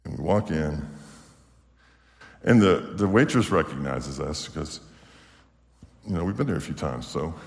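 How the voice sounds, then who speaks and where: A male preacher giving a sermon, animated and fervent, swinging from hushed storytelling to exclamations. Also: rumbling low, a little slow, pauses often. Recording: long hall reverb.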